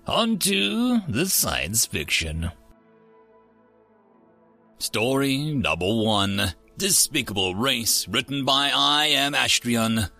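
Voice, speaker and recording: Expressive male storyteller, bright voice. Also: mid-range voice, slow, gravelly, soft background music. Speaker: story narrator. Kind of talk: scripted sci-fi story narration.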